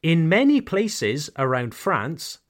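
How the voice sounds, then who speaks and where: Man, language-lesson podcast, slow careful delivery, key phrases repeated. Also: a little high, sing-song. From United Kingdom. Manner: slow, clear, repeats key phrases, addresses "dear listeners". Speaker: English teacher, podcast host.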